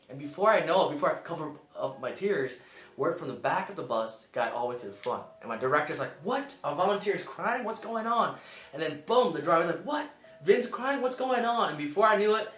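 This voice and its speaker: A young man who served as a Peace Corps volunteer tells a personal story to camera in an earnest, emotional way, jumping up in pitch to act out the people he quotes. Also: fairly bright tone, reverberant.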